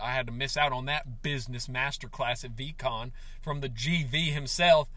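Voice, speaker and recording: A man hosting a comedic podcast in a crude, rambling, self-pitying way, breaking into yelled outbursts. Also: a little high, no echo. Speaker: podcast host.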